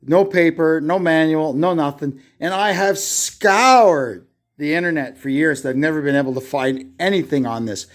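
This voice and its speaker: A man casually explaining a brake lathe repair step by step as he works in his garage, thinking aloud with fillers, recorded on a phone nearby. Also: on the high side. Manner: thinks aloud, halting with fillers while working. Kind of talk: casual workshop how-to narration. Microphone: phone camera propped nearby.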